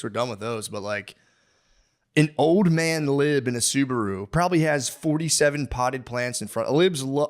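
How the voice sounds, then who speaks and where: Man, comedy podcast host, ranting monologue, profane, rambling, mid-pitched voice. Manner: rambling, profane, mock-aggressive.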